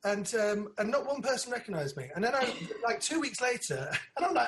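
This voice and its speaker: A man, a comedian, telling a sweary, animated story in casual podcast chat. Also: very high voice, fairly quick, few pauses, a crowd in the background.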